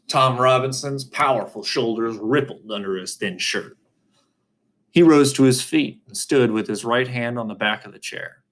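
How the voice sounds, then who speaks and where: A man narrating a novel aloud in a measured, even reading voice. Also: medium pitch. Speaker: reader. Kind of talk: audiobook narration.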